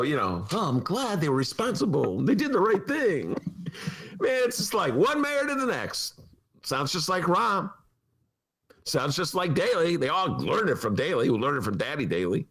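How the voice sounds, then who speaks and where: A man's voice: mid-range voice, fairly bright tone. A man hosting a political talk podcast in a studio, talking in a sarcastic, mocking way and putting on voices. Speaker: podcast host. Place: radio studio.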